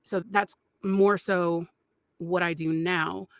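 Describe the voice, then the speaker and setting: A woman's voice: lowish voice, fairly even intonation, takes it slowly. A woman voice actor, a guest on a podcast, chatting casually with lots of laughs, fillers and restarts. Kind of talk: casual podcast interview chat.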